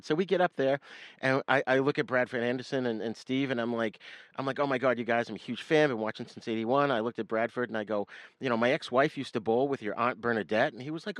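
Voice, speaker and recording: A man hosting a podcast, telling a story in a casual, animated way with frequent laughs. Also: mid-range voice, no echo. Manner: animated storyteller, laughs often, acts out quoted voices. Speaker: podcast host.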